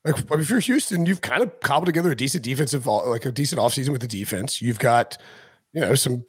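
A man's voice: medium pitch, fast talker, slightly rough, no room sound. A man talking football on a podcast in a casual, rambling way with lots of fillers. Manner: rambling, filler-heavy, animated asides. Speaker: podcast analyst. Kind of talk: casual chat.

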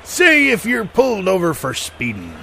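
A man's voice: high voice, wildly swooping pitch, moderate pace, creaky, pushed and bright, a little hiss or hum. A man hosting a podcast in a comic pirate character, with a mock pirate accent, laughing at his own jokes.

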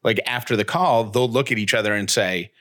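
A man's voice: fairly low pitch, fairly quick, fairly bright tone. A man co-hosting a podcast, telling a story in casual chat, rambling and poking fun at himself, with many restarts. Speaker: podcast co-host.

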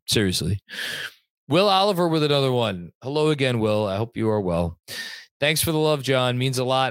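A man's voice: on the low side, a bit bright, no room sound. A young adult man hosting a casual sports live stream from home, reading out viewer comments with a rambling, chatty manner and some swearing. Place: home room at a computer.

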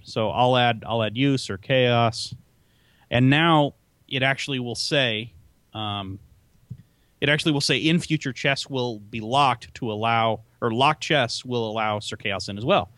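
A man's voice: medium pitch, measured pace, a bit bright, dry recording. A man co-hosting a casual gaming show, explaining game commands step by step and often stopping mid-sentence to start again. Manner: hesitant, lots of um and uh, restarts. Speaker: show co-host.

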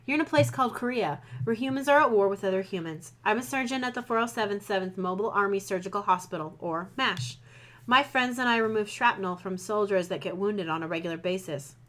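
A woman's voice: medium pitch, brisk, a bit bright, natural voice. Cheerful joking army surgeon guy, easygoing and breezy, a woman reading him.

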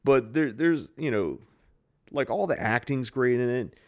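A man's voice: medium pitch, lively intonation, measured pace, darkish tone. A man co-hosting a podcast in casual, rambling chat, swearing freely. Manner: loose, rambling, swears a lot. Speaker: podcast co-host.

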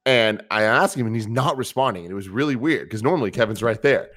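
A man co-hosting a loose chat show, voice at an ordinary middle pitch. He tells animated stories, swears freely and laughs often as he talks. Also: quick pace. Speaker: co-host. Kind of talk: casual chat.

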